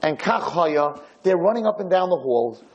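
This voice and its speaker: A man giving a lecture on camera, telling a story in a dramatic, repetitive, animated way. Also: a little high, moderate pace, lo-fi sound. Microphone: filmed on camera.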